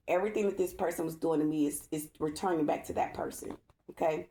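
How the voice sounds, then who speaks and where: Gravelly-voiced woman tarot reader vlogging. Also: lowish voice, steady tone, a little fast, warm tone. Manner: emphatic and repetitive, checking in with "okay?". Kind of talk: casual vlog talk to viewers. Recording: echoey room.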